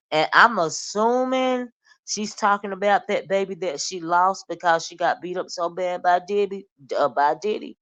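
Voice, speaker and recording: A woman hosting casual gossip commentary, chatty and animated, often calling the listener "child" and "honey". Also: on the low side, normal speed, muffled recording. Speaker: commentary vlogger.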